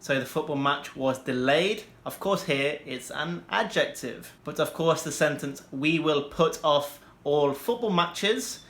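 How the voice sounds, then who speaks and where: A young man explains vocabulary to learners in a bright, slightly high voice. He slows right down for his example sentences and hurries through the asides. The room around him rings with echo. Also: animated. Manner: slow, deliberate example sentences with bursts of quick asides. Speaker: English teacher.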